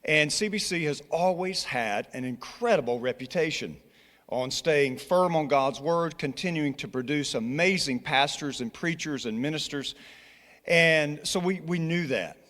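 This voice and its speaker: A man's voice: a little high, a little slow, fairly bright tone. A man with a Scottish accent, a college's church relations director, earnestly urging a congregation and telling personal stories with frequent restarts. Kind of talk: church presentation with personal story. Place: church sanctuary. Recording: long reverb in a large church hall.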